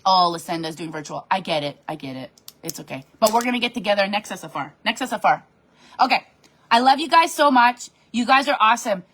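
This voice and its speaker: In a mid-range voice with a brisk pace, a direct sales team leader fires up her sales team on a bubbly live stream from her home office desk. She keeps reading the comments and answering them as she talks.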